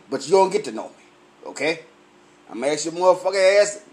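Tipsy male vlogger, high and swooping voice, unhurried profane comic rant. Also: lively intonation, a little mellow. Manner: profane, boisterous, laughing often. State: tipsy from drinking.

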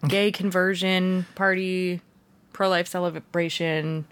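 A woman's voice: fairly low pitch, flat delivery, takes it slowly. A woman co-hosting a podcast in casual chat, blunt and sarcastic, swearing freely. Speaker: podcast co-host.

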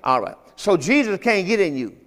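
A man with a notably high voice delivers a sermon, pressing each point with emphasis and frequent questions to his listeners. His voice rings out with a long reverb, as in a church hall. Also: big pitch swings, normal speed, a bit bright. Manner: emphatic, repeatedly checks understanding with questions. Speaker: pastor. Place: church service.

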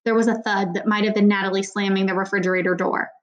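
A woman reading an audiobook narration, even and steady. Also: mid-range voice, fast talker. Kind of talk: scripted narration.

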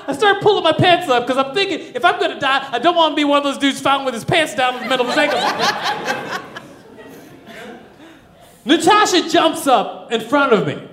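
A man telling a wild comic story in stand-up style, profane and animated, often laughing through his lines. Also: very high-pitched, normal speed, long pauses. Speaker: comedian.

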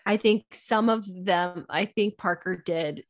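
A woman in her thirties co-hosting a podcast in casual chat, animated and acting out her kids' voices. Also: medium pitch, unhurried. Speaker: podcast co-host.

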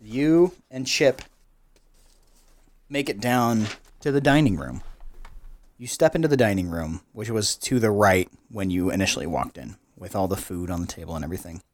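A man's voice: on the low side, expressive, moderate pace, dry recording. A man narrating as game master of a tabletop game, loose and chatty with fillers.

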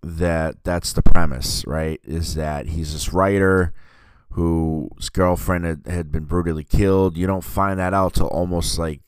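Deep-voiced man rambling about a film. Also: steady tone, a little slow, clean tone, no room sound. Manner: rambling, full of fillers and self-corrections. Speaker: podcast host reviewing a film. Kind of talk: casual film review chat.

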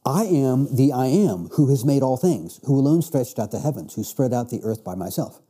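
A man's voice: mid-range voice, expressive, moderate pace, dark tone, husky. A man teaching a Bible class, reading verses aloud and explaining them with emphatic restarts. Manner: reads scripture then explains with emphatic restarts.

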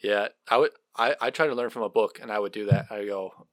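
A man's voice: on the low side, fairly quick, dry recording. A young man co-hosting a podcast in casual chat, making wry, dry remarks. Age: young adult. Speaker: podcast co-host.

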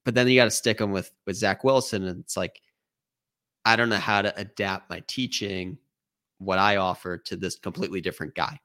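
A man's voice: deep voice, fairly even intonation, fairly quick, sharp tone. A man co-hosting a casual golf-betting podcast, musing in a wry, easygoing way. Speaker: podcast co-host. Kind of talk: casual sports-betting chat.

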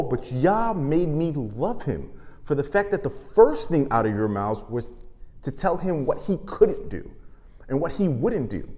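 A man hosting his own show, delivering a comic, impassioned rant full of profanity that swings from loud to muttered. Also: medium pitch, very animated, normal speed, long reverb tail. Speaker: show host. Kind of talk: comedic monologue rant.

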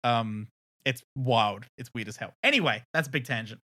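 A man's voice: mid-range voice, moderate pace, sharp tone. A young man with a South Australian accent, co-hosting a podcast in casual chat, rambling and laughing as he goes. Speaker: podcast co-host.

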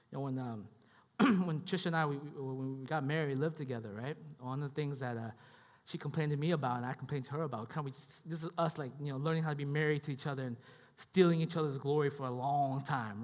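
A man's voice: medium pitch, long reverb tail. A man preaching a sermon in a conversational way, often repeating himself and checking in with the congregation. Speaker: pastor.

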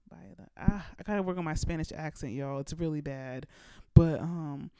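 A woman's voice: low voice, moderate pace, mellow, clean tone, no room sound, clean studio sound. A woman hosting a podcast, chatting casually and playfully, talking straight to her listeners. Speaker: podcast host. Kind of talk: casual chat. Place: indoors, at home.

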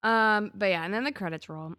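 A woman's voice: medium pitch, a little fast, sharp tone, dry recording, clean studio sound. A woman hosting a podcast, chatting and gossiping as she recaps a TV episode. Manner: chatty, gossipy, acts out characters' lines. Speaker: podcast host. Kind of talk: casual chat recapping a TV episode.

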